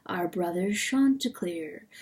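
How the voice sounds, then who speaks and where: A woman voicing a solemn, chanting voice from a dream that judges a rooster, intoning slowly. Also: lowish voice, animated, darkish tone.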